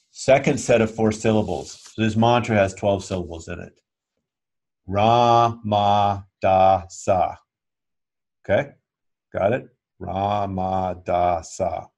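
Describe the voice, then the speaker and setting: A man with a fairly low voice leads a yoga class over a video call. He explains each step patiently and keeps checking that his students are following along. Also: a little mellow. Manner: patient, checks understanding often. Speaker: yoga teacher. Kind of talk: instructional class talk.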